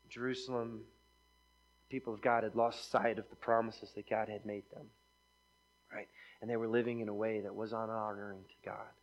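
A man's voice: fairly low pitch, flat delivery, moderate pace, muffled recording. A man preaching a sermon in a conversational way, often checking in with "right?" and reading passages aloud.

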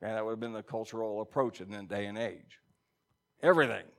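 A man's voice: on the low side, little pitch movement, quick pace. A man preaching a sermon in a conversational way, reading scripture aloud and checking in with his listeners. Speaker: pastor.

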